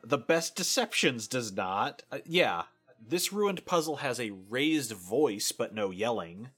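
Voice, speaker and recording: A man's voice: medium pitch, big pitch swings, takes it slowly, a bit bright, husky. A man co-hosting a casual music podcast, giving dry, sarcastic criticism. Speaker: podcast co-host. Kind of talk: casual chat.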